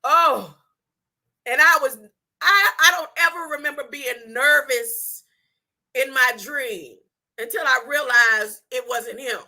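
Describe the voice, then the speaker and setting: A woman's voice: high voice, takes it slowly, bright, forceful tone. A woman preaching on a live stream, laughing often, repeating herself and asking "huh?" between points. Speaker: online preacher. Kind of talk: animated live-stream talk about dreams and scripture.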